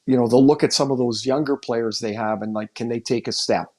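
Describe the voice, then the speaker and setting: A man's voice: medium pitch, fairly even intonation, brisk, a little mellow. A man co-hosting a hockey podcast, talking casually and candidly, thinking aloud with frequent restarts as he gives his analysis. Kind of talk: casual sports chat.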